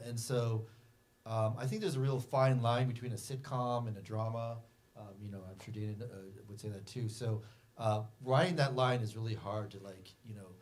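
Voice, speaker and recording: A man, the film's director, answering audience questions at a festival screening in a theater, rambling and animated with many fillers. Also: fairly low pitch. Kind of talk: festival Q&A talk. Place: movie theater.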